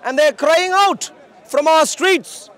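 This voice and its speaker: A man preaching in the open air on a city street, his voice sitting very high as he projects loudly to passersby. He argues in a confrontational way, pressing people to answer him. A faint murmur of a crowd is heard behind him. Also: takes it slowly.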